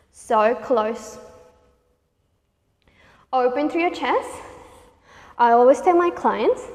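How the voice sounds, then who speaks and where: A pilates instructor with a high voice leads a guided workout, sweaty and out of breath, panting and laughing between encouraging cues as she counts reps. Her tone is a little mellow, and she's recorded in a large hall.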